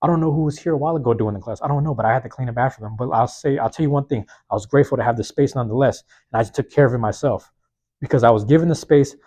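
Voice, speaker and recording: A slightly hoarse man hosting his own podcast, talking alone in a casual, slangy way and repeating key phrases for emphasis, recorded with a phone microphone in a small university room. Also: mid-range voice, rapid-fire, darkish tone. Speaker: podcast host. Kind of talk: solo motivational monologue. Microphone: plug-in microphone on a phone.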